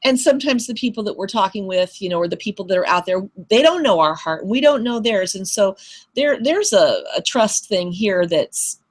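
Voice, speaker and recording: A woman's voice: mid-range voice, normal speed. A woman teacher hosting a video call chat, telling a story and acting out the voices in it. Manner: animated storyteller, acts out voices. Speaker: teacher and show host.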